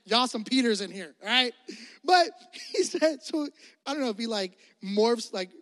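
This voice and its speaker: Male pastor, high voice, energetic joking sermon, long hall reverb. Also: moderate pace.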